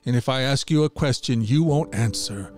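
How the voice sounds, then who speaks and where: A man voicing a calm male prisoner with quiet authority, speaking low and unhurried. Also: faint music behind, close to an everyday voice.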